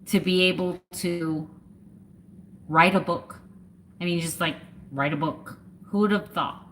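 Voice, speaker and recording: A woman in her fifties talks to her livestream viewers at an unhurried, slow pace, in a fairly low voice. She is emotional and close to tears, and her sentences stall on fillers and trail off. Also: steady tone, a bit bright, slight background noise. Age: 50s. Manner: halting, with many fillers and trailing thoughts. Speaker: vlogger. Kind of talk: casual livestream chat.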